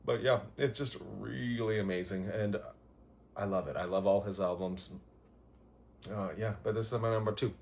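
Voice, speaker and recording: A man's voice: lowish voice, fairly even intonation, normal speed, darkish tone, a little hiss or hum. A man counting down his favorite albums in a casual vlog, rambling and gushing with lots of fillers and chuckles. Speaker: music vlogger.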